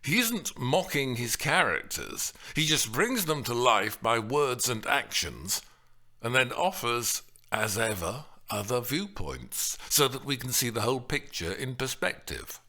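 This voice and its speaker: A man giving a scripted literary analysis in a measured way, now and then acting out quoted lines with a raised voice. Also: medium pitch, sing-song, sharp tone.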